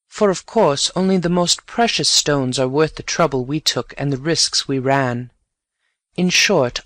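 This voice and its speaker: Guy reading a story aloud, calm measured pace, slightly high voice, super dry recording. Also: no echo. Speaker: audiobook narrator. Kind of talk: scripted story narration for learners.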